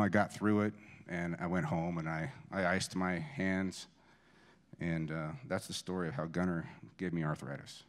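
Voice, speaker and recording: There's slight background noise behind this man's low voice. He's in his forties, giving a eulogy at a church memorial service and recounting humorous, self-deprecating anecdotes about a friend's son, restarting often.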